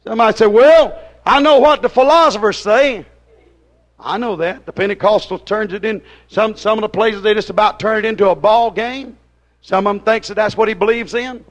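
Male preacher, high-pitched, fiery sermon delivery, swings between hollering and hushed pleading. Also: steady tone, brisk. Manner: hollers at the congregation, then drops to a hushed plea; folksy dialect grammar.

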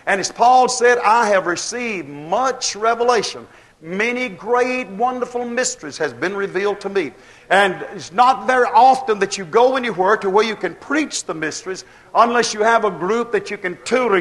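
A man with a high voice delivers a fervent sermon in a drawl. He drives his points home with rhetorical questions to the congregation and acts out the voices he quotes. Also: normal speed, a bit bright. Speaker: preacher.

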